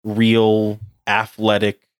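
A man's voice: lowish voice, monotone, very slow, clean tone, dry recording, studio quality. Rambling young man chatting casually. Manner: rambling, heavy use of "like". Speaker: podcast co-host. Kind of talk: casual chat.

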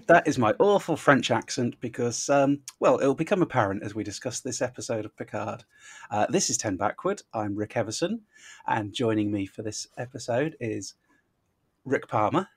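A man's voice: medium pitch, normal speed, husky, no room sound. Dry-voiced, wry male podcast host. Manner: wry, dryly joking, with fillers. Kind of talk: casual chat.

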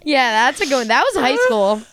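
A young adult woman co-hosting a podcast, telling stories in a lively, casual way with frequent swearing and laughter. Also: high-pitched, brisk, dry recording. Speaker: podcast co-host. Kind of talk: casual chat.

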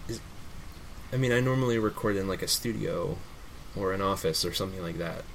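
A man's voice: deep voice, brisk, gravelly, a little hiss or hum, rough recording. A man hosting a comedy podcast, flustered, apologetic and stammering in a sketch. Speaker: podcast host.

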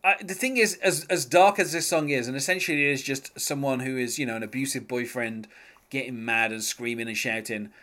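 A man talks through a song in a loose, conversational podcast chat. He wanders from thought to thought, padding his sentences with fillers and little laughs. His voice sits at an ordinary middle pitch. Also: fairly quick, bright, forceful tone. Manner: rambling, many fillers, chuckles often. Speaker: podcast host. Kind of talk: casual music discussion.

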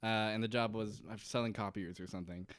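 A man's voice: lowish voice, fairly even intonation, quick pace, a bit bright, no echo. A man co-hosting a podcast, recapping a TV episode in joking casual chat and acting out the characters' lines with laughs. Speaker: podcast co-host.

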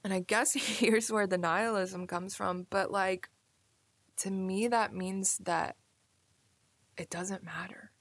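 A young woman hosting a solo podcast, musing casually with many "like"s and soft asides. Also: medium pitch, steady tone, slow, dry recording. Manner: casual, musing, filler-heavy with frequent "like". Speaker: podcast host. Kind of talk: reflective solo podcast monologue.

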